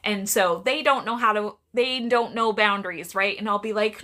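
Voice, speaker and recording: A woman's voice: mid-range voice, normal speed, bright, forceful tone. A woman doing psychic readings on a live stream, chatty and rambling, often breaking off to greet viewers by name. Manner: chatty, restarts a lot, talks to viewers by name.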